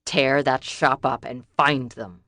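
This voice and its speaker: A woman's voice: a bass voice, fairly even intonation, slow pace, a bit bright, dry recording, studio quality, exaggerated voice. A woman reading a menacing male crime boss. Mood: angry. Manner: clipped, threatening.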